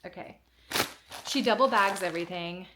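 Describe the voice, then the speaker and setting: An excited woman unboxes a package on her vlog. She talks in a low voice that often swings up when she gushes and gets teary. Faint background noise sits under her voice. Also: moderate pace. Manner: excited and emotional, gushing, near tears. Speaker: vlogger.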